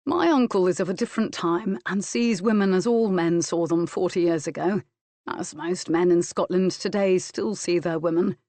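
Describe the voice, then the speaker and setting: A stern Scottish earl who lectures but softens into fondness, as a woman narrator gives him voice. The delivery is firm and measured, with no attempt at a deep male register. The recording is dry and close. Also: dry recording, lightly acted. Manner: firm, scolding, then teasing.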